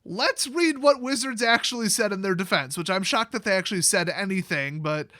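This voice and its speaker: A man's voice: sits high, brisk, sharp tone, dry recording, studio quality. A man hosting a commentary channel, ranting casually in a sarcastic, mocking way. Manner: sarcastic, mocking, puts on voices for jokes.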